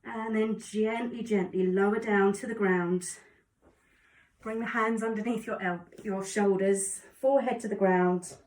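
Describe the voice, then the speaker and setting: A woman calmly guiding a yoga class with encouraging cues. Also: medium pitch, a little slow. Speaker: yoga instructor. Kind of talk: guided exercise instruction. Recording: echoey room, distant mic.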